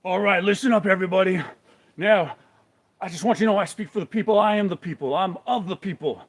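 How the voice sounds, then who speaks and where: A man's voice: sits high, voice pushed up. A man imitating an angry little Canadian man who rants blusteringly about speaking for the people. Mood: ranting. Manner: blustery, preachy, rapid.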